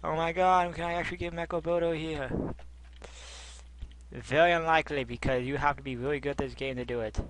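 A man giving casual gameplay commentary as a let's play host, rambling and self-mocking, with sudden frustrated shouts. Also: fairly high pitch, fairly even intonation, brisk, slight background noise, poor audio.

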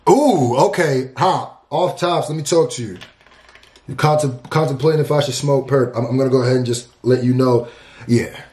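A man hosting a music reaction video, talking in a casual, slangy and animated way as he breaks down rap lyrics. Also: mid-range voice, normal speed, roomy sound. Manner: animated, slangy, loose and talkative.

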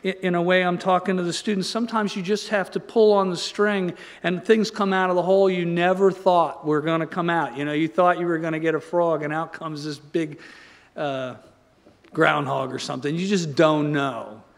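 A man's voice: a little high, fairly even intonation, moderate pace. Rambling, joking man lecturing in a hall. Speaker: guest lecturer. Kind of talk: informal lecture. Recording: long reverb in a lecture hall.

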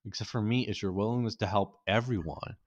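A man's voice: lowish voice, fairly quick, dry recording, lightly acted. A man voicing a bold but tender young woman, reading her lines in a casual way. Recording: dull dry lo-fi recording.

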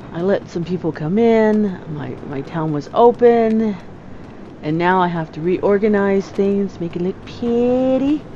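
A woman talking casually over her own gameplay, chatty and excitable, laughing often. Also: medium pitch, a little hiss or hum. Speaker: gamer. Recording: slightly dull lo-fi sound.

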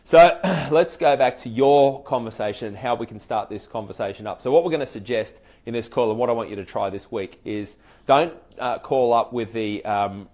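A man with an Australian accent teaching sales call technique in a relaxed, conversational way, full of fillers and restarts. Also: mid-range voice, normal speed. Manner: chatty, loose and hesitant, many fillers and restarts; acts out sample phone greetings. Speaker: sales trainer. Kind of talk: conversational training talk.

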